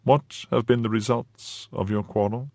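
A male narrator voices an imperious older cardinal who fires off clipped, commanding questions, pitching the character higher and louder than his own voice, with a husky edge. The tone stays steady at normal speed, and the performance is only lightly acted. The recording is close and dry, with no room sound.

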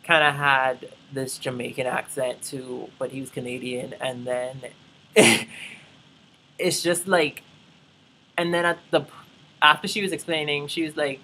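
Speaking unhurriedly with fairly even intonation, this young Bahamian vlogger tells a rambling travel story straight to viewers, calling them y'all between chatty asides. The mid-range voice comes across pushed and bright, captured in low quality.

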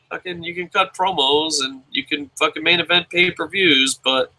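A man's voice: fairly high pitch, moderate pace, hardly any pauses, poor audio. A young man hosting a podcast, chatting casually and profanely as he reads out listener comments. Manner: profane, rambling, excitable. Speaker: podcast host.

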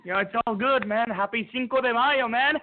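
A man's voice: very high voice, moderate pace, very noisy. A man calling in to a radio show, laid-back and friendly. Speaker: caller. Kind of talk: casual phone call. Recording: tinny phone line.

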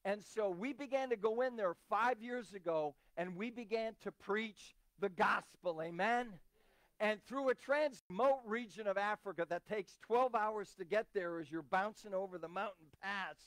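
A man's voice: high voice, moderate pace, fairly bright tone, no room sound. A man preaching a sermon as a visiting missionary, emphatic and repeating key phrases. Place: church.

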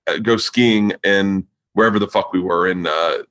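A man's voice: deep voice, normal speed, fairly bright tone. A man hosting a podcast, telling rowdy stories in casual chat, swearing freely and acting out quotes in raised voices. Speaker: podcast host.

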